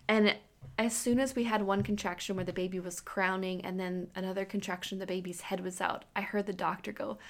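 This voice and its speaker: A woman in her thirties telling the story of giving birth in a casual, chatty way, full of "like" and "um". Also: medium pitch. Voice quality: creaky fry, filler-heavy with "like" and "um". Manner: animated retelling, acting out quoted lines.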